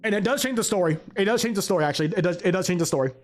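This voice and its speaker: A man streaming a video game, rambling and joking with chat in a loose, animated way. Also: sits high, very fast. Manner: animated, rambling, jokey, laughs often. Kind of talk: live gaming commentary.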